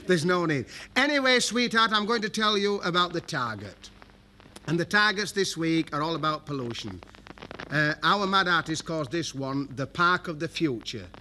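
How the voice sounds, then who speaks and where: A man's voice: fairly high pitch, lively intonation, moderate pace, bright, forceful tone. A man hosting a TV game show, jokey and chummy, calling everyone love and flower. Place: TV studio with live audience. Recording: old broadcast tape with audience and hiss. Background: studio audience.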